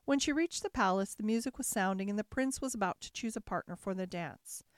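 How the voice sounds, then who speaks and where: A woman reading a classic fairy tale aloud in a measured, expressive storybook style. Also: medium pitch, no room sound, clean studio sound.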